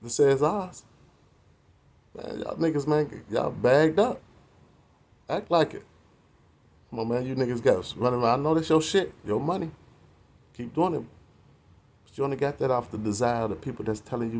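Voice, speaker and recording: A man's voice: mid-range voice, normal speed, long pauses, darkish tone. A man in his forties delivering a preachy, confrontational rant to the camera, full of slang and cursing. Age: 40s. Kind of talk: profane street-talk rant to the camera.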